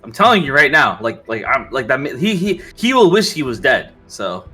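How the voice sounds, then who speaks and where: An animated man runs a tabletop game with a bright, ringing voice that leaps up and down as he speaks. He often trips over his words and restarts. Faint music plays behind him. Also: medium pitch, moderate pace, breathy edge. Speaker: game master. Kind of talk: narrating a tabletop game and voicing characters.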